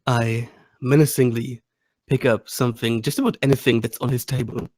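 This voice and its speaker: A man playing a tabletop game, stammering and excitable as he describes his moves. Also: medium pitch, normal speed, no echo. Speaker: player. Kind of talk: casual tabletop play.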